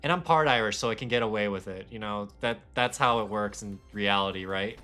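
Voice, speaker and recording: A man's voice: lowish voice, steady tone, fairly quick, sharp tone, soft background music. A man streaming a game live, chatting casually in a rambling, self-deprecating way. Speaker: gaming streamer. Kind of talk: casual live-stream chat while gaming.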